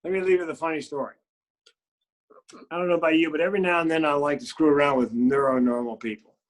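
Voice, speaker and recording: A man chats as a podcast guest, spinning stories with a comedian's timing. His voice sits a little high, and he lifts it further whenever he acts out other people's lines. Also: quick pace. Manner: animated storyteller who acts out quotes in higher voices. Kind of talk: casual interview storytelling.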